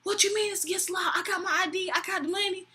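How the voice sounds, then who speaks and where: A woman voicing a loud, angry young man who is drunk on a date and slurs his words. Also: sits high, animated, a little fast, pitched above the performer's own voice. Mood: indignant. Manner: slurring, shouting, indignant.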